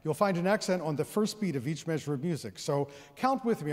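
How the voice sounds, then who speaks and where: A man with a slightly high, a little mellow voice and lively intonation presents an educational concert, speaking fairly quickly with hardly any pauses. He has the audience count and sing rhythms with the orchestra, and the big theater hall adds a long reverb.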